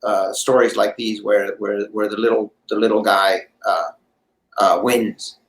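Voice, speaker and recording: A man who is an actor telling an anecdote as a guest, lively and acting out the voices of others in his story. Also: lowish voice, a little slow, reverberant.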